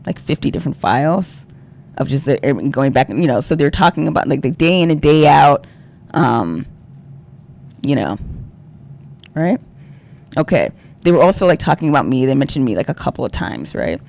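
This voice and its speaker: A man's voice: fairly high pitch, lively intonation, moderate pace, gravelly, long pauses, darkish tone. A young adult man talking on a livestream, exasperated and rambling, full of fillers and swearing. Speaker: streamer. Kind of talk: ranting livestream talk.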